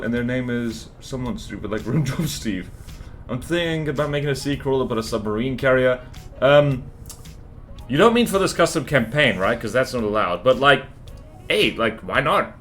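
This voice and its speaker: A man's voice: medium pitch, fairly bright tone. Young male streamer, loose rambling delivery, greets chat, faint hiss under the mic. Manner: rambling, self-mocking, greets chat by name. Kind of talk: casual gaming livestream chat.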